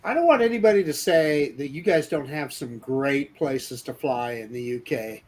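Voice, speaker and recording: A man's voice: mid-range voice, animated, moderate pace, darkish tone. An enthusiastic, friendly man from the United States, chatting casually as a co-host. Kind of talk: casual chat.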